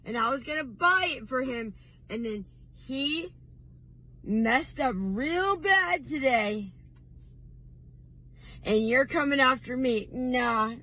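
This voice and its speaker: Bright-voiced rambling woman, slow drawl. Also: on the high side, slightly rough, poor audio. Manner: rambling, laughing, defiant. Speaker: vlogger. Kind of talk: rambling confessional rant. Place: in a car pulled over.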